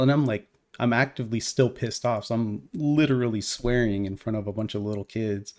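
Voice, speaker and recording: A man's voice: mid-range voice, fairly even intonation, a little fast, hardly any pauses, darkish tone. A man co-hosting a podcast, telling a heated story in casual, profane chat. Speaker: podcast co-host.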